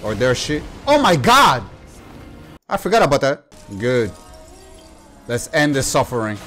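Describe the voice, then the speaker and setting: A man giving excitable let's play commentary, swearing and ranting at the game. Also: mid-range voice, measured pace. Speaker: gaming youtuber. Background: faint game music.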